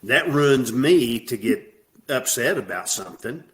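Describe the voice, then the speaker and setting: A man's voice: mid-range voice, expressive, a little slow, a bit bright. A middle-aged man with a Southern US accent, talking plainly and at ease as an interview guest, with many fillers. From American South. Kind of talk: casual interview.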